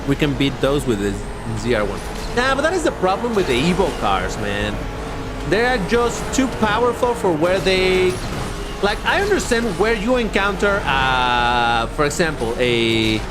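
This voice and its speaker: Lively, chatty male game streamer. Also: a little high, normal speed, background noise. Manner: chatty, opinionated, excitable. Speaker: livestreamer. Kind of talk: live gameplay commentary.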